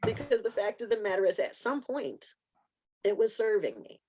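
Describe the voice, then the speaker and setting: A woman guest on a podcast, chatting casually and telling animated stories with frequent restarts. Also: mid-range voice, normal speed, dull audio. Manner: animated storytelling with repeated restarts. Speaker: podcast guest, spoken word writer.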